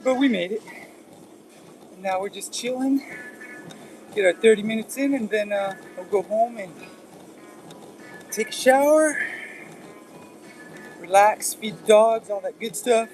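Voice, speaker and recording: High-voiced man chatting on a livestream. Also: a little slow, pauses often, a little mellow, faint music behind, rough recording. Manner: rambling, easygoing, talks while exercising on an elliptical. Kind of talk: casual livestream chat with viewers. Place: indoors at an exercise machine.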